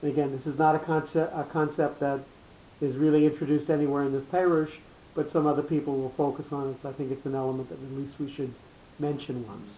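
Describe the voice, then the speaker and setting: A man teaching a Torah class to a small group, explaining points step by step with halting restarts. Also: a little high, little pitch movement, slight background noise. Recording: roomy dull lo-fi class recording.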